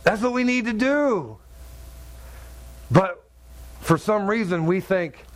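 A man's voice: high-pitched, expressive, slow pace, pauses often. A man preaching a sermon as pastor, talking in a conversational way, repeating words and asking his listeners to agree. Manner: conversational, repeats words, asks the crowd "right?".

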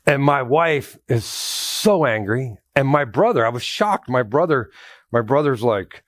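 A man's voice: medium pitch, unhurried, dry recording. A man preaching a conversational sermon in a church, telling personal stories with jokes and calling out to the congregation. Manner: joking, animated storytelling with congregation call-outs. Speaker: pastor.

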